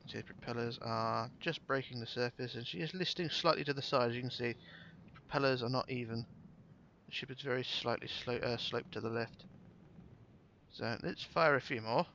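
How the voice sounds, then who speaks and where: A man's voice: medium pitch, moderate pace, creaky, pushed and bright, lo-fi sound, a little hiss or hum. A man giving casual, chatty commentary while playing a game, swearing now and then and thinking aloud. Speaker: gameplay commentator.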